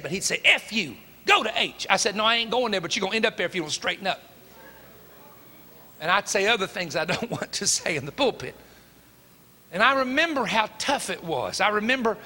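Folksy Tennessee preacher, bright and ringing. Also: male voice, sits high. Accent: Tennessee Southern. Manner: folksy and emphatic, acts out dialogue. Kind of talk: storytelling sermon. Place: church sanctuary. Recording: long hall reverb.

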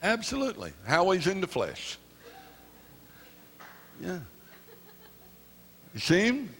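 A man preaching a fervent sermon, often repeating his words and building to shouts. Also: sits high, huge pitch swings, slow, long reverb tail, a little hiss or hum. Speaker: pastor. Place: church sanctuary.

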